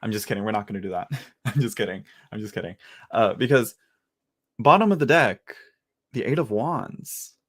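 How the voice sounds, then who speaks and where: Chatty man giving a live tarot reading. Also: lowish voice. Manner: casual, chatty, halting with many restarts. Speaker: tarot reader.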